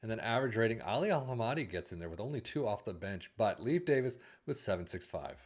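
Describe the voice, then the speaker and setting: A man's voice: lowish voice, expressive, quick pace. A man hosting a casual game review channel, chatty and upbeat as he reads through results and stats. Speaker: video game channel host.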